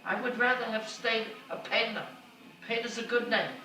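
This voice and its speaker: A woman's voice: on the high side, fairly even intonation, normal speed, pushed and bright, slight background noise, voice pushed up. Brief: elderly immigrant mother, emphatic broken English, roomy distant sound, as her daughter imitates her. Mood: insistent.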